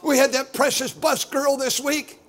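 A middle-aged man preaching a fiery sermon as pastor, loud and boisterous, building to shouts. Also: very high voice, little pitch movement, moderate pace.

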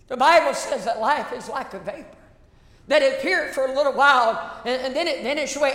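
A woman's voice: high-pitched, animated, brisk, fairly bright tone. A woman pastor preaching a sermon, emphatic, repeating phrases and calling out questions to the congregation. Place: church sanctuary. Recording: echoey church hall reverb.

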